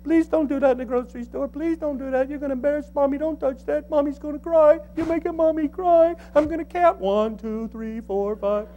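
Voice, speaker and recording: A man's voice: extremely high pitch, brisk, few pauses, dark tone, dull audio, a little hiss or hum, voice pushed up. A man doing a frantic pleading young mom. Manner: begging, bargaining, whiny. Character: pleading, flustered young mother in a grocery store.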